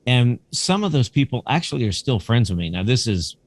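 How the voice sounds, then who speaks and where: A man in his fifties, a cinematographer and museum curator, chatting as a podcast guest and telling animated stories. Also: mid-range voice, fairly quick, dry recording. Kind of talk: casual anecdotal storytelling.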